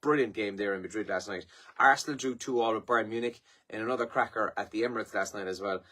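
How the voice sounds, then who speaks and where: A man's voice: fairly low pitch, quick pace, fairly bright tone. An Irish man hosting a live morning show, chatting casually through the papers and sport with lots of fillers, tired and yawning. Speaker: radio host. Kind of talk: casual newspaper review and chat.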